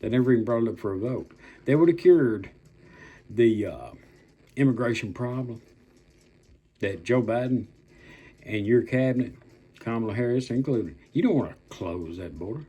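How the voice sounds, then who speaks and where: A man's voice: medium pitch, expressive, normal speed, pauses often, warm tone, breathy edge. An older man delivering an angry political rant, blunt and profane, stretching out words for emphasis and making threats. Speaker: political commentator.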